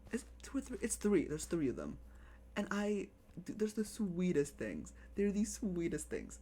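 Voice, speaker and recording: A live streamer chatting casually over gameplay, excitable, repeating phrases and cooing over pets. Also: medium pitch, moderate pace.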